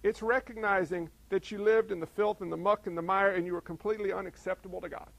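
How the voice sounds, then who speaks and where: A man's voice: sits high, fairly even intonation, quick pace, creaky, a bit bright, no room sound, low-quality recording. A middle-aged male pastor preaching a sermon in a conversational way, firing off rhetorical questions.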